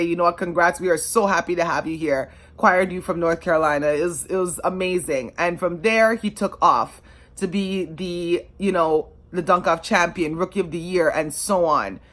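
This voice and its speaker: A woman's voice: fairly low pitch, a bit bright. A woman from Canada telling her story as a devoted sports fan in a passionate, emotional, conversational way with many fillers. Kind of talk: personal storytelling to camera.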